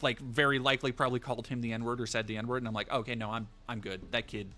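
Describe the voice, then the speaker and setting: A man's voice: medium pitch, level tone, fast talker, sharp tone. A man streaming live, telling a rambling, profane story in casual chat with many fillers and restarts.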